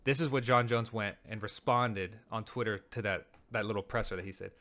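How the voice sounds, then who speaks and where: His voice is on the low side, pushed and bright, as this show host tears into clips in a fast, heated, profanity-laden rant. The commentary stays casual throughout.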